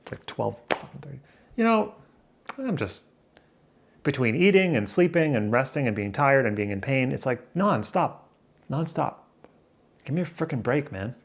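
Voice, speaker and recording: Male vlogger, mid-range voice with gravel, rambling and self-mocking at a camera. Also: medium pitch, big pitch swings, normal speed, long pauses. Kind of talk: rambling solo daily vlog. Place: room indoors near a window. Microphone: camera in front of him, seated.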